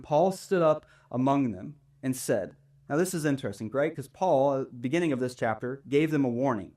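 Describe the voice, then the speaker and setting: A man's voice: mid-range voice, a little mellow, recorded from a distance. A man preaching a sermon as pastor in a church, in a conversational way that keeps asking "right?". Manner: conversational preaching, tag questions. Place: church sanctuary.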